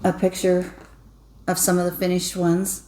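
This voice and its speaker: A woman's voice: lowish voice, completely flat delivery, normal speed, warm tone. A woman co-hosting a casual craft chat, talkative, with restarts and little laughs. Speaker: co-host. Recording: echoey room with faint noise.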